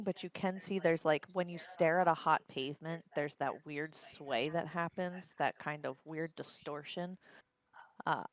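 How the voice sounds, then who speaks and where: A woman's voice: low voice, poor audio. A woman narrating as game master of a tabletop role-playing game, describing scenes at length with many fillers.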